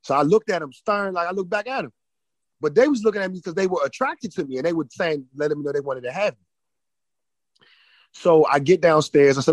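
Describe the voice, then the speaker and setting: A man on a podcast telling an emotional personal testimony, often restarting and repeating words, swinging between loud and hushed. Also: fairly high pitch, quick pace, no echo, poor audio. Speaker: podcast guest.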